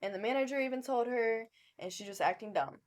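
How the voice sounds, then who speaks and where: A podcast co-host with a fairly high voice tells her story in a casual chat. She talks fast, bluntly, and in an animated, unfiltered way, swearing a lot.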